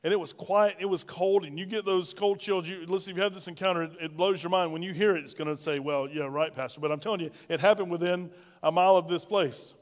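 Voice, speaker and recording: A man's voice: high voice, fairly even intonation, fast, long reverb tail. A male pastor preaching a sermon, asking the congregation rhetorical questions and telling a personal story.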